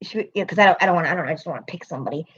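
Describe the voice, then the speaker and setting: A woman's voice: fairly low pitch, rapid-fire, fairly bright tone, breathy edge, highs cut off. A woman hosting her own livestream in casual chat, rambling, laughing often and swearing freely. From American city. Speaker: livestream host.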